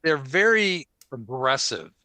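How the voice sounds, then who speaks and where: A man's voice: mid-range voice, very animated, slow, sharp tone, no room sound. A man hosting a podcast, chatting casually and reading the show intro in an upbeat way, laughing often. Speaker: podcast host.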